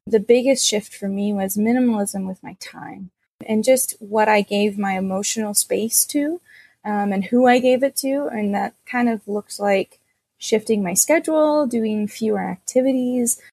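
A woman therapist speaking as an interview guest, halting, with frequent pauses. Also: medium pitch, dark tone, husky, no echo. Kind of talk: casual interview conversation.

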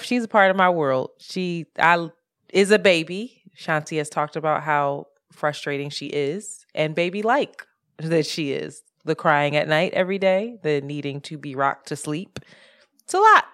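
A woman co-hosting a casual podcast, telling a story in an animated way with sudden jumps in pitch and plenty of swearing. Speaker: podcast co-host. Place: apartment in Brooklyn, street sirens outside.

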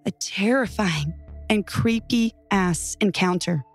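Woman narrator, earnest and tense, middle pitch. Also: takes it slowly, faint music behind. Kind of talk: narrated true first-person story.

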